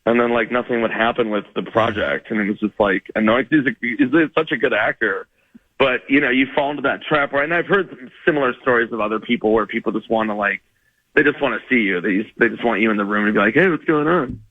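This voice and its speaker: A man telling a funny story as a comedian guest on a radio show, rambling, self-mocking, with quick laughs. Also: medium pitch, no echo, phone-quality sound.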